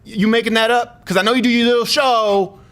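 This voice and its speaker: A man's voice: very high voice, fairly even intonation, brisk, a bit bright, pitched above the performer's own voice. A man voicing an easygoing fellow at the gym who reacts to everything with disbelief. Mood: incredulous. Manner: incredulous, exclaiming.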